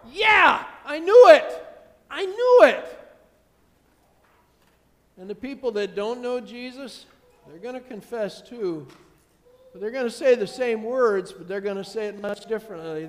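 A pastor delivers his sermon in a high, bright-toned man's voice, leaning on repeated phrases that swell in force. His words ring out with a long reverb trailing through the church sanctuary. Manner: emphatic, builds to rising repeated phrases.

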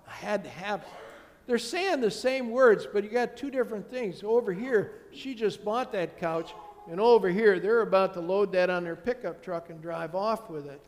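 Male pastor, sermon, high voice, emphatic repetition, long church reverb. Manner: emphatic, builds to rising repeated phrases.

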